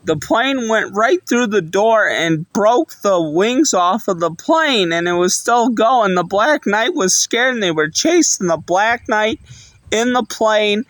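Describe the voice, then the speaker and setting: High-voiced man, slow rambling retelling. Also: animated, a bit bright, no echo, low-quality recording. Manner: rambling, plain storytelling with many "and" links. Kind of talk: casual retelling of a cartoon episode.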